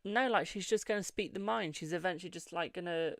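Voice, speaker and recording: Chatty live-stream tarot host, gravelly. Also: fairly quick, fairly bright tone, no room sound, studio quality. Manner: chatty, fills with "like", calls viewers darling and Boo; yawning, low-key. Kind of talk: casual live-stream chat and readings.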